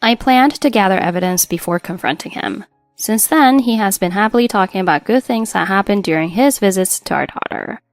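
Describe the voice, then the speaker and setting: A woman's voice: medium pitch, brisk, no room sound, faint music behind. A woman reading a first-person drama story as narrator, in an earnest, emotional storytelling manner.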